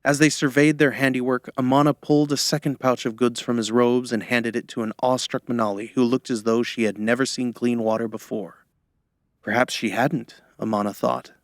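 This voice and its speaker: A man narrating a fantasy audiobook in a measured, steady storytelling style. His voice sits in an ordinary middle pitch. The sound is close and dry, with no room around it. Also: no room sound. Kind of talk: scripted narration.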